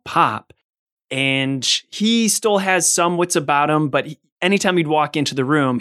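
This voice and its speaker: Host, male, mid-pitched, dry close sound, conversational storyteller. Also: fairly bright tone, dry recording. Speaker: podcast host. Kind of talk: casual podcast interview.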